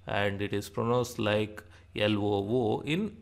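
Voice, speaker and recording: A man teaching an alphabet lesson, saying each sound and example word slowly and repeating them. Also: on the low side, creaky. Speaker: language teacher. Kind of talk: slow spoken alphabet lesson.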